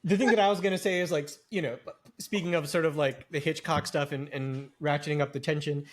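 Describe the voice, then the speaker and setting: A man's voice: fairly high pitch, steady tone, a little fast. Rambling man on a horror podcast. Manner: rambling, many fillers and restarts. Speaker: podcast co-host. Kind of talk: casual chat.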